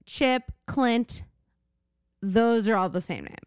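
Young woman podcast cohost, playful, jokey, bouncy pitch, dry close mic. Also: animated, slow, smooth, no echo. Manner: playful, riffs on jokes and mock voices. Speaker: podcast co-host. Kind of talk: casual chat.

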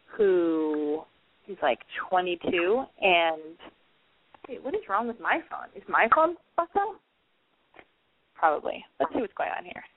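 A young woman hosting a call-in advice show, talking bluntly with lots of swearing and rambling asides. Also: medium pitch. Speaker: call-in radio advice host. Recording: phone-line quality, dry.

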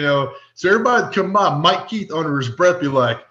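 A man guesting on a podcast, telling funny stories in a jokey, animated way. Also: a little high, normal speed, hardly any pauses, roomy sound, dull audio. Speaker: podcast guest, media personality.

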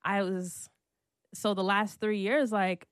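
A woman's voice: mid-range voice, steady tone, slow, no echo, clean studio sound. A woman in her thirties in a casual, heartfelt conversation, chatty, leaning on "like" a lot and laughing often. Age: 30s.

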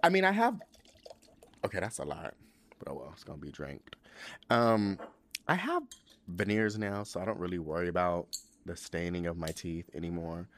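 A young man hosting a podcast in sassy, campy casual chat, cursing freely and swinging between low mumbles and high squeals. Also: big pitch swings, moderate pace, pauses often, a little hiss or hum. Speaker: podcast host.

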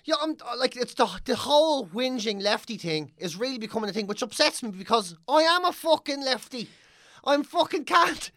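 Profane ranting woman, high voice. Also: expressive, moderate pace, fairly bright tone, dry recording. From Ireland. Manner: ranting, profane, mocks others in whiny voices. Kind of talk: casual chat.

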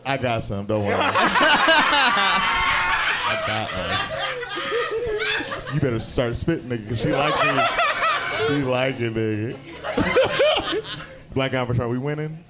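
A man who is a comedian, telling stories loudly and profanely with frequent laughs on a live podcast in a bar. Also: medium pitch, a little slow, pauses often. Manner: loud, profane, laughing often. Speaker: comedian guest. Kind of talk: live podcast banter and storytelling. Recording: loud background noise.

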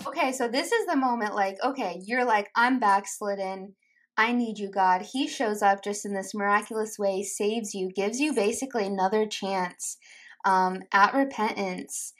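A woman's voice: mid-range voice, moderate pace, a bit bright. A woman hosting a faith podcast, reacting to her guest and reading a short sponsor message in casual chat. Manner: responsive, frequent affirming interjections. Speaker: podcast host.

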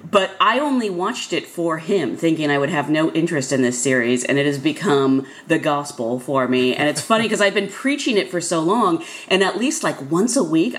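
A woman panelist talking animatedly and enthusiastically on an entertainment podcast. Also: sits low. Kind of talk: casual panel chat.

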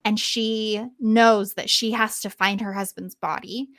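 Woman telling a story, lively and casual. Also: mid-range voice, a little slow, no echo. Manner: lively, casual swearing, acts out quotes. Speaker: podcast host.

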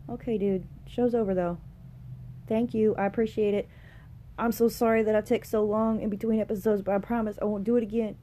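A woman's voice: medium pitch, steady tone, brisk, warm tone, slight background noise. A woman hosting a casual true-crime podcast from home, chatty and opinionated, talking straight to her listeners. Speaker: podcast host. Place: home room with pets and a rooster nearby.

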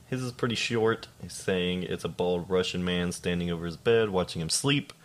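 A young man with a very deep, low voice co-hosts a casual podcast. He reads out listener stories in a deadpan tone, swearing freely and chuckling along the way. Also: normal speed. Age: young adult. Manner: deadpan, swears casually, laughs while reading.

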